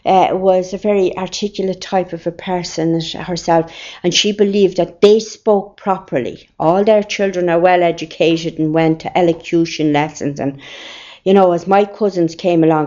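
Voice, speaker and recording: A woman's voice: fairly low pitch, fairly even intonation, moderate pace, mellow. An older woman with an Irish accent, telling rambling family stories in an interview. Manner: rambling, anecdotal storytelling. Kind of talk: oral history reminiscence. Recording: dull lo-fi recording.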